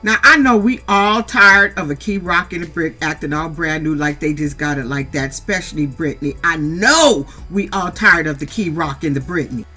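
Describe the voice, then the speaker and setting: Middle-aged woman, reality-show recap host; bright, forceful delivery, blunt and profane, scolds the cast, faint music underneath. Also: low voice, normal speed, few pauses, slightly rough. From San Diego, USA. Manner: blunt, scolding, swears freely. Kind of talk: casual profane recap commentary.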